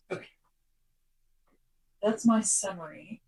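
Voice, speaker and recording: Animated podcast co-host summarizing from notes. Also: mid-range voice, very slow, slight background noise, rough recording. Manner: chatty and animated, drops into whispers for quotes. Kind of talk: casual chat, summarizing from notes.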